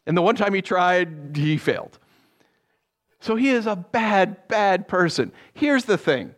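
A male pastor preaching a sermon, reading Bible verses and cracking jokes in animated asides. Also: high-pitched, a little slow.

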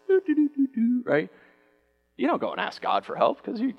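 Animated pastor preaching a lively sermon. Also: male voice, very high voice, normal speed, creaky, pauses often, soft background music. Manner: animated, conversational, acts out quoted voices.

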